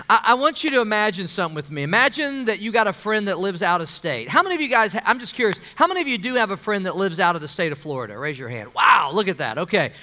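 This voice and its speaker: Bright, high-voiced preacher, chatty. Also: male voice. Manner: conversational, asks the congregation questions. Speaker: pastor. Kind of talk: sermon.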